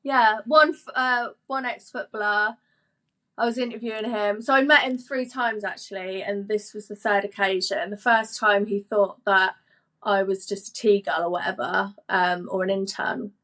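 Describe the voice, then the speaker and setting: A young woman, a sports presenter, telling stories in a casual interview, chatty and quick to act out what people said. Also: mid-range voice, fairly even intonation, a bit bright. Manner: chatty storyteller, acts out quoted dialogue, laughs often.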